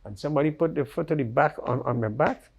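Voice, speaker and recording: An older man tells his own life story in a relaxed, conversational way, sliding into a hushed tone at intense moments. His voice is gravelly with a mellow, dark colour, pitched a little above typical. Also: fast talker. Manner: vivid, conversational retelling with tag questions. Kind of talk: personal life-story interview.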